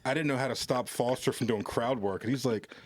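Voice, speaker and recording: A man's voice: medium pitch, fairly quick, no echo. A man who works security at a comedy club, telling rambling, profane anecdotes as a podcast guest. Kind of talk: casual storytelling on a podcast.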